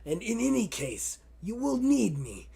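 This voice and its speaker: A man's voice: sits high, huge pitch swings, a little slow, vocal fry, warm tone, husky, voice pushed up, heavily acted. A man putting on a blunt Russian woman sniper. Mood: proud. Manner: stiff, blunt, formal broken English.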